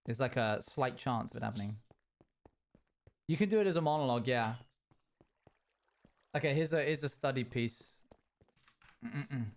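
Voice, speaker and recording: A man's voice: mid-range voice, lively intonation, normal speed, pauses often. A young man streaming a game, chatting casually and playfully with his viewers and laughing often. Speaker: livestreamer. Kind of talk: casual gaming stream chat.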